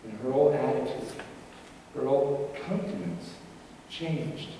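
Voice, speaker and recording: A man's voice: mid-range voice, measured pace, mellow, distant mic, a little hiss or hum. A male pastor giving a conversational, humorous sermon in a church, heard from afar in an echoey hall.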